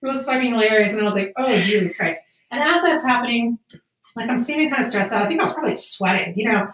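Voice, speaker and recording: A woman hosting a casual podcast, telling a story in a profane, animated way with quick laughs. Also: fairly high pitch. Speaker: podcast host. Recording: roomy, distant amateur podcast mic.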